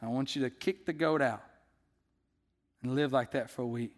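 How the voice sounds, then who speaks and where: A preacher acting out a calm, wise rabbi who gives instructions in a steady voice. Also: male voice, medium pitch, moderate pace, in a large hall, voice pushed down, close to an everyday voice. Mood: instructive.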